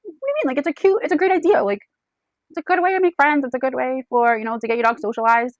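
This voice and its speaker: A woman voicing a flustered, excitable young woman in a casual spoken book retelling. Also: fast talker, no echo, lo-fi sound, lightly acted. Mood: incredulous. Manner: exclaiming, high-pitched indignation.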